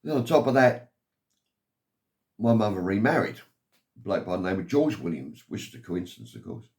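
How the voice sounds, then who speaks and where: A man's voice: lowish voice, big pitch swings, moderate pace, darkish tone. An older man from England telling a long personal story in a meandering, aggrieved way. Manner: meandering, aggrieved, keeps saying "anyway". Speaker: vlogger telling his life story.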